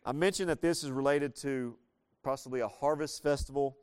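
A man's voice: mid-range voice, a little fast, darkish tone, smooth. A man with a Southern US accent preaching a sermon as a pastor, in a conversational, folksy storytelling way with sudden bursts of emphasis. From Southern United States.

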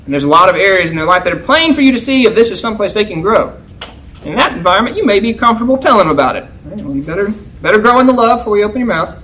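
Male preacher, high voice, chatty delivery, faint noise behind. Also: expressive, racing, poor audio. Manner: conversational, keeps asking "right?"; acts out a yelling teacher in a loud, high voice. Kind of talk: sermon.

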